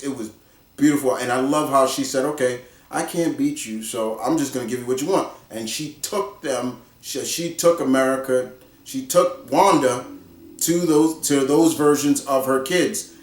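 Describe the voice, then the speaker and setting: A man giving a casual spoken film review, excitable and repetitive, acting out his own reactions. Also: mid-range voice, echoey room, distant mic. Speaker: movie reviewer.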